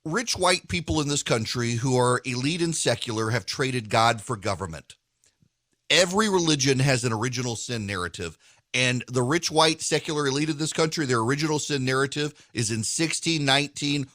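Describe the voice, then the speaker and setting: A man hosting a political commentary podcast, talking emphatically and rising to near shouting. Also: medium pitch, expressive, normal speed, dry recording. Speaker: podcast host.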